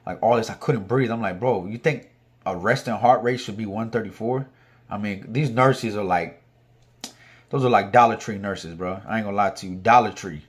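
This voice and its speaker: A man with a fairly low voice tells a long story in relaxed, slangy talk. He gets animated when he acts out the arguments he had. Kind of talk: casual storytelling.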